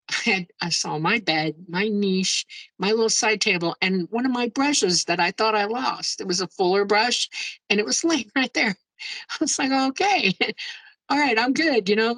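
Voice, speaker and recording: A woman guest telling her own story in a casual, excitable way, often exclaiming and laughing as she goes. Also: medium pitch, no echo, low-quality recording. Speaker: guest, UFO experiencer. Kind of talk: casual first-person storytelling.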